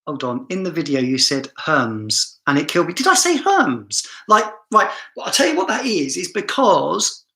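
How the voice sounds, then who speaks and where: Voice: mid-range voice, fairly bright tone, roomy sound. A fragrance reviewer with a southern English accent, chatting through a live stream in a self-mocking way and laughing often.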